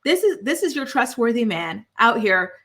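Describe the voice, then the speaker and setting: A woman's voice: fairly high pitch, sing-song, vocal fry, a bit bright, full character voice. A woman quoting a frustrated grown son who defends himself in an exasperated tone. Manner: exasperated, quick.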